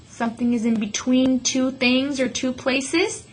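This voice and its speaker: A woman teaching a Spanish vocabulary lesson to students, slowing down to say each word clearly and repeating it for them to echo. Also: high voice, steady tone. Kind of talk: classroom lesson.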